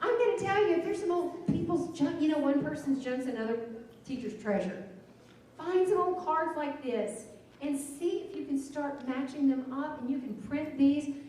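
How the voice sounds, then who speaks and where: A woman's voice: sits high, moderate pace, mellow, a little hiss or hum. A woman giving a chatty, demonstrative teacher-training talk. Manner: chatty, self-deprecating, demonstrative. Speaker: literacy trainer. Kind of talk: teacher workshop presentation. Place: meeting room. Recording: echoey room, voice from far off.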